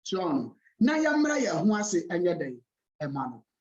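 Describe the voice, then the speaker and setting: A pastor with a Ghanaian accent preaching a sermon, repeating key phrases with emphasis. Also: male voice, high-pitched, huge pitch swings, unhurried, lo-fi sound. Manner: preaching in a mix of Twi and English, emphatic repetition. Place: church hall. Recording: echoey church hall.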